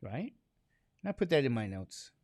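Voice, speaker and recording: A man's voice: mid-range voice, very animated, normal speed, darkish tone, no echo. Man lecturing a class, dry sound. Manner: conversational, keeps quizzing the class with questions. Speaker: statistics teacher.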